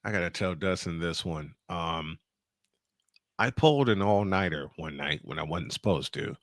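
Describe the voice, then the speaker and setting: A man with a New York accent, co-hosting a podcast and telling stories in a lively, laughing way. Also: sits low, no echo, studio quality. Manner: animated storytelling, quick laughs. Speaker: podcast co-host. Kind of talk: casual chat.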